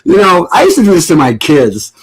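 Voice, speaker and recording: A man's voice: high-pitched, very animated, fairly quick, breathy edge. A middle-aged man chatting casually to his stream viewers at home, sarcastic and joking, rambling with many restarts. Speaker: livestream host.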